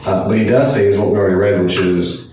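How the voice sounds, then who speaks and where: A man's voice: deep voice, steady tone, quick pace, a little mellow. A man leading a Bible study in a conversational, earnest way, repeating points for emphasis. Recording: echoey room, distant mic, faint noise.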